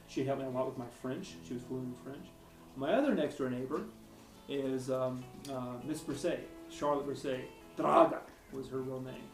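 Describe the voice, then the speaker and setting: A man's voice: medium pitch, darkish tone. Man telling war stories, from afar. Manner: rambling, hesitant with frequent restarts. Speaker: author interviewee. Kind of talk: personal storytelling in an interview. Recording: roomy, distant mic with faint music.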